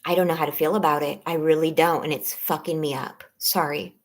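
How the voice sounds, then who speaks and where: Shaky, halting woman, low-pitched and close to tears. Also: level tone. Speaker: vlogger on a members-only live stream. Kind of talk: emotional personal live stream.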